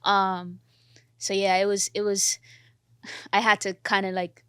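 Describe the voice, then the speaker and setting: Earnest, animated young actress. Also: female voice, mid-range voice, a little slow, clean tone, no echo. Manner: animated, earnest, quoting herself and others. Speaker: actor, interview guest. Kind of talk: casual interview.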